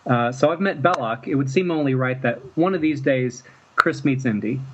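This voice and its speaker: A man from Mississippi, a fan filmmaker guest, telling stories in a rambling, halting way and chuckling often. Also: medium pitch, fairly bright tone. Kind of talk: casual storytelling interview. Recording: dull lo-fi with faint noise.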